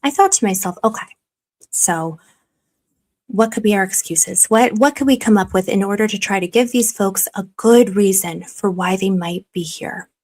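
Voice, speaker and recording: A woman's voice: medium pitch, moderate pace, darkish tone. Woman giving rambling investigative commentary. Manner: rambling, repeats and restarts, speculative asides.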